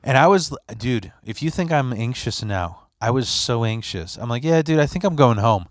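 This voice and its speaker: A man in his late thirties hosting a podcast, telling stories in a casual, profane, animated way and leaping into loud voices for the people he quotes. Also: medium pitch, moderate pace, no echo, clean studio sound. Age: 30s. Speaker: podcast host. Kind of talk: casual storytelling chat.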